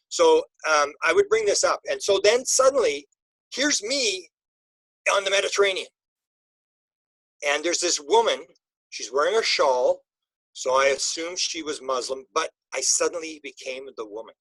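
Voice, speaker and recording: Husky-voiced man telling a halting story. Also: a little high, lively intonation, fairly bright tone, dry recording, low-quality recording. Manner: halting, with many restarts and repeated words. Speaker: interview guest. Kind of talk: emotional personal storytelling.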